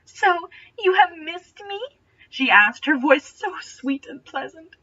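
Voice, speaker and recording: A young woman reading a fanfiction aloud in her bedroom, breaking off for dry, mocking, deadpan asides. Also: a little high, husky, distant mic, dull audio. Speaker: reader and commentator. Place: bedroom at home.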